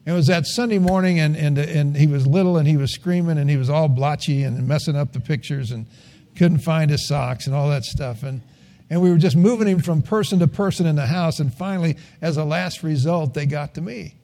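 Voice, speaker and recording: A man's voice: on the high side, brisk, dark tone. An older man preaching a sermon, telling folksy stories and rising to earnest emphasis. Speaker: pastor.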